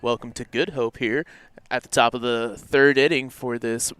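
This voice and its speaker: A man doing relaxed color commentary at a live game, talking in a conversational way. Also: mid-range voice, moderate pace. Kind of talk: casual live sports commentary.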